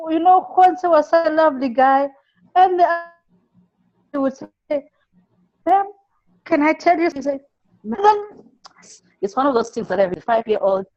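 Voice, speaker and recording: A woman teacher from Zimbabwe, answering an interview by telling classroom stories in a halting way, repeating words and acting out the pupils she quotes. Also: high-pitched, a little mellow, lo-fi sound, faint music behind.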